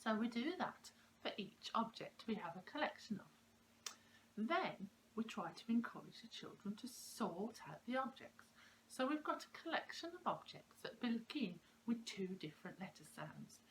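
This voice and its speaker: A woman, a preschool teacher explaining classroom activities to parents, clear and slow, stressing the sounds of words. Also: on the high side, sing-song, slight background noise, poor audio.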